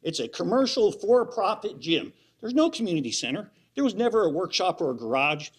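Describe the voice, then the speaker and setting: A man speaking up at a county hearing, his voice pitched high and strained with agitation. He is worked up and insistent, hammering the same points again and again. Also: sing-song, a little fast, husky. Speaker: resident giving public comment. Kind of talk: public comment at a county hearing.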